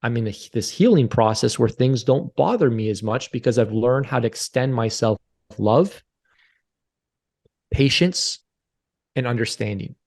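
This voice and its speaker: A man's voice: medium pitch, a little slow, gravelly, long pauses, a little mellow. A man in his forties, a podcast guest, telling a personal story in an earnest, confessional way and often repeating his phrases. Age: 40s. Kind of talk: candid interview storytelling.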